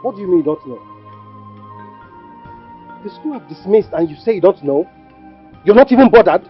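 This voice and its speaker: A man's voice: high-pitched, big pitch swings, normal speed, husky, full character voice. A Nigerian actor playing a stern husband who warns and scolds his wife in a film drama. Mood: demanding. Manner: stern, warning, indignant. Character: angry protective husband, adult man. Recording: slightly muffled dry film audio with faint music.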